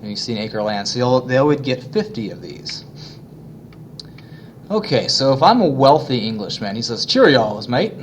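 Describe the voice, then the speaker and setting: A man teaching a history lesson in a casual way, with many fillers and pauses. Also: medium pitch, expressive, slight background noise. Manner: casual, many fillers, plays voices of colonists. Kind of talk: classroom lesson narration.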